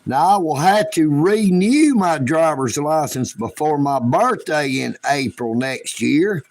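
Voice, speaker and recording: Gravelly slow-talking man. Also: a little high, lively intonation, a little mellow, dry recording. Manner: folksy, rambling, joking drawl. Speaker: livestream host. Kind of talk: casual livestream chat.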